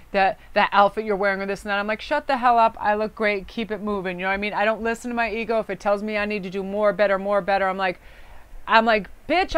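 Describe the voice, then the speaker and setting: A woman gives a casual tarot reading to her viewers, chatty and effusive. Her voice is smooth and clear at an ordinary middle pitch. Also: no room sound. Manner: effusive, chatty, reads card texts aloud. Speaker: tarot card reader. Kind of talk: casual spiritual card reading.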